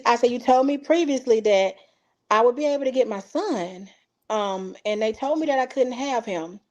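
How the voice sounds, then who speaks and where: This Texas mother's voice sits at medium pitch with a darkish tone. As a guest in an interview, she tells a personal story in relaxed, everyday speech, giving the quoted lines real feeling as she performs them.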